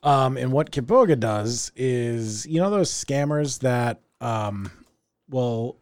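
A man's voice: mid-range voice, takes it slowly, a little mellow, dry recording. A man co-hosting a casual podcast chat, rambling through explanations with lots of fillers. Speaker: podcast co-host.

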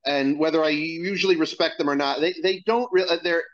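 A man's voice: fairly high pitch, a little fast, highs cut off. A man in a casual podcast chat who asks indignant questions and often restarts his sentences. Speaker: podcast guest.

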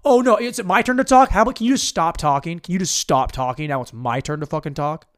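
Brief: man putting on a brash young dude, loud and dismissive, higher-pitched than his usual. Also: fast, close to an everyday voice. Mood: aggro. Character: cocky rude young man on a date.

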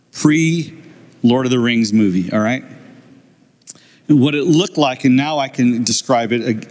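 Older man preaching a storytelling sermon. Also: mid-range voice. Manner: storytelling, acts out quoted voices with laughs. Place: church.

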